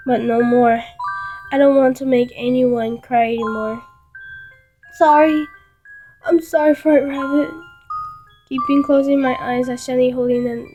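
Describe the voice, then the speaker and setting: A woman with a somewhat high voice reads a dark story aloud in first person. Her delivery is dramatic but halting, and she often trips over a word and starts it again. Soft music plays quietly behind her. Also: low-quality recording. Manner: halting, stumbles and restarts words. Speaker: story reader.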